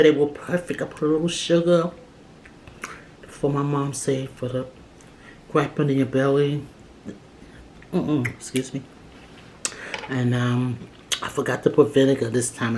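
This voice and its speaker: A woman's voice: rumbling low, darkish tone, slight background noise. A woman vlogger talking casually while she eats, often with food in her mouth and humming between bites. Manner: talks while eating, mouth full, hums between bites. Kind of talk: casual eating vlog.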